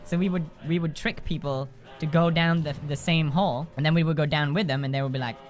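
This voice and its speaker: A young man hosting a gaming video, telling comic stories in a casual, profane, animated way and laughing often. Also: a little high, fast, hardly any pauses, faint music behind. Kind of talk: casual comedic storytelling.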